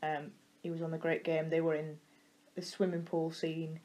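A woman's voice: sits low, monotone, moderate pace, darkish tone. A nineteen-year-old woman with a Yorkshire accent chats casually on a podcast. She tells her stories in a loose, rambling way and laughs easily. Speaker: podcast co-host. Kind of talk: casual chat.

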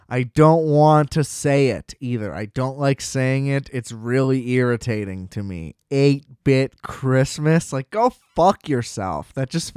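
A man's voice: medium pitch, a little mellow, clean tone, no echo, clean studio sound. A man co-hosting a casual movie podcast. He rants with a lot of swearing and laughs at his own complaints. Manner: ranting, profane, laughing at his own gripes. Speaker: podcast co-host.

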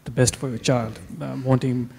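A man's voice: mid-range voice, little pitch movement, moderate pace, creaky, warm tone, husky. A man in the audience asking a hesitant, thoughtful question as a parent. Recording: distant in a reverberant hall.

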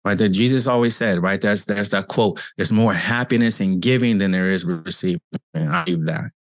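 On his show, a cancer coach and podcast host talks earnestly and conversationally in a reflective motivational monologue, repeating points often for emphasis. He speaks a little fast in a lowish voice, with no echo on the recording.

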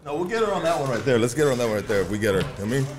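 Man, call-in podcast host, quick talker, street slang, crowd chatter behind. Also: mid-range voice, big pitch swings. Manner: laid-back street slang, repeats "you know what I mean". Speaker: podcast host taking calls. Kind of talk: casual call-in chat.

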